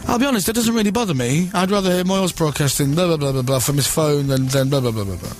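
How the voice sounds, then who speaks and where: Animated male radio host. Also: fairly high pitch, fast talker, faint music behind. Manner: self-deprecating, animated storytelling with acted-out quotes. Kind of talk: casual on-air chat.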